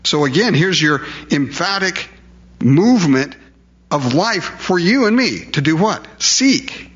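A man's voice: medium pitch, a bit bright, lo-fi sound. A male preacher delivering a sermon in an emphatic, conversational way, full of rhetorical questions.

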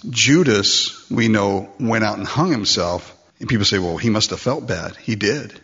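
A man preaching a sermon, animated and acting out the voices in the story. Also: fairly low pitch, normal speed, husky. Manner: animated, acts out voices in quotes. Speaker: pastor. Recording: dull lo-fi recording.

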